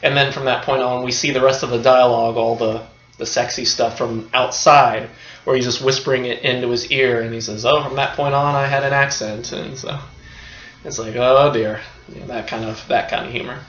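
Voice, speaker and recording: A man's voice: medium pitch, level tone, a little fast, a bit bright. Rambling man reviewing a film. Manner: rambling, many "you know" fillers and restarts. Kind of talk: casual unscripted film review. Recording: echoey room, dull lo-fi sound.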